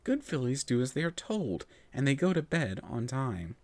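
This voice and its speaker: A cold, stern pony mother played by a man in a storybook reading. She speaks slowly and quietly, with a menacing edge. The sound is dry, with no room around it. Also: medium pitch, big pitch swings, no room sound. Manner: slow, hushed and menacing.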